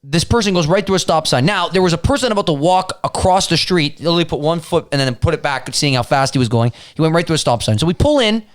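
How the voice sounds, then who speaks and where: A young man co-hosting a podcast, telling a story in casual chat and acting out the shouting of the people in it. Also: fairly high pitch, quick pace, few pauses. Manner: animated storyteller, acts out quoted yelling. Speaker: podcast co-host.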